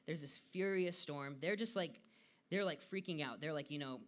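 A young man from the United States gives a relaxed devotional talk. He sounds chatty and laid-back, with lots of fillers and a slightly high voice. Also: moderate pace. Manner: casual and chatty, frequent "like" fillers, laughs often.

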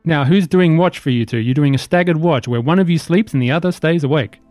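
Young male game master, brisk, practical, slightly high voice, light music underneath. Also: a little mellow, no echo. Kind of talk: running a tabletop game.

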